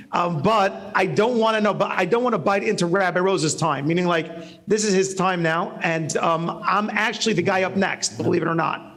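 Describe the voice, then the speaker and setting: A man's voice: high-pitched, moderate pace, a bit bright. A man speaking at an event, telling a rambling, self-mocking story and laughing often. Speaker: guest speaker. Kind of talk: humorous storytelling talk. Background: faint music.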